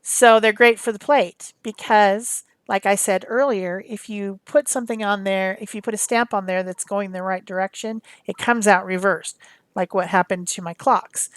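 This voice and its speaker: A woman's voice: medium pitch, steady tone, moderate pace, no room sound. A woman talking through a craft demonstration in a casual, rambling way, with many fillers and restarts. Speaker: craft tutorial host.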